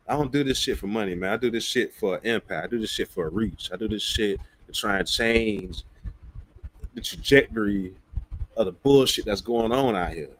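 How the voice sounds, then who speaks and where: A man's voice: on the low side, slight background noise. A man ranting bluntly on his livestream, profane and emphatic.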